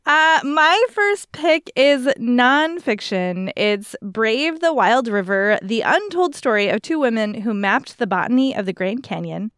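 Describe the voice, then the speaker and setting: A woman co-hosting a book podcast, chatting casually in a relaxed, rambling way with many fillers. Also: a little high, clear, resonant tone, no echo, clean studio sound. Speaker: podcast co-host.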